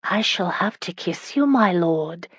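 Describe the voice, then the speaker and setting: A woman's voice: mid-range voice, animated, a little slow, no room sound, pitched above the performer's own voice. A woman voicing a playful young medieval bride who teases her husband. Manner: teasing, playful.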